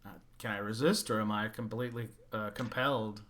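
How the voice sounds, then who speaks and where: A man's voice: lowish voice, steady tone, a little fast, fairly bright tone. A man as a player in a tabletop game, talking casually and hesitantly.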